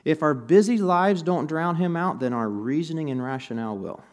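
A man's voice: a little high, moderate pace. A man preaching a sermon in a conversational, storytelling way, with bits of humor, to a church audience. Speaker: pastor.

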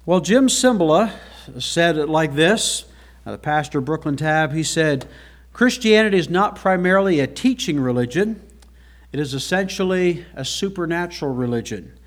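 A man preaching to a congregation in a church, his voice pitched a bit higher than most men's. He is earnest and folksy and asks rhetorical questions before answering them. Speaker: pastor. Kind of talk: sermon.

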